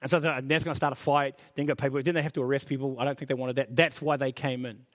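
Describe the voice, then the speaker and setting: A man's voice: mid-range voice, level tone, fast. A middle-aged man preaching a sermon as pastor, earnest and emphatic, repeating his key phrases. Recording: reverberant hall.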